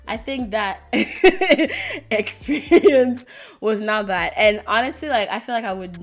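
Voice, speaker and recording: A young woman, telling stories in a casual vlog with lots of "like" fillers. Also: medium pitch. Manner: chatty and animated, lots of "like" fillers. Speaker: vlogger.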